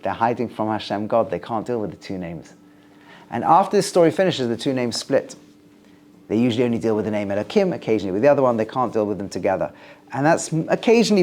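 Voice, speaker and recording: A rabbi giving a lively Torah lecture to a class, with rising emphatic stresses and low, quiet recitation of Hebrew verses. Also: male voice.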